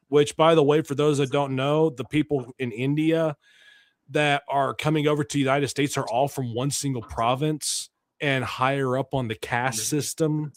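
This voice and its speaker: A man's voice: medium pitch, steady tone, moderate pace, dry recording. A man hosting a political talk show, ranting in a blunt, heated way with many restarts. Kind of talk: casual opinionated commentary.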